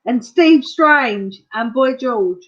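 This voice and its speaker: A woman's voice: fairly high pitch, animated, takes it slowly, muffled recording. A middle-aged woman learning makeup as a guest, giggly and self-deprecating.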